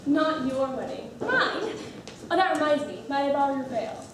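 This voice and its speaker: A woman's voice: high voice, expressive, normal speed, a little hiss or hum. Woman playing a sardonic, drowsy chaperone. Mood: languid. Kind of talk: stage musical acting. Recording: echoey stage from far off.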